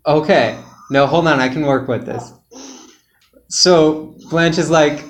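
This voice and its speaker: A man's voice: fairly high pitch, takes it slowly, pauses often. Giggly man rambling through a story. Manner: rambling storyteller, laughs through his own jokes. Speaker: podcast co-host. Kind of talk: casual chat, retelling a comedy plot.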